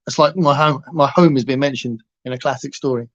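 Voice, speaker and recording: A man's voice: mid-range voice, quick pace. A man hosting a livestream, chatting casually and playfully with viewers, laughing often and rambling between topics. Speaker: livestream host. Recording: muffled lo-fi livestream audio.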